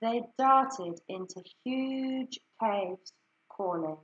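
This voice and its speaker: Woman reading a kids storybook, slow and expressive, echoey room. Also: mid-range voice. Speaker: story reader. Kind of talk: children's story read-aloud.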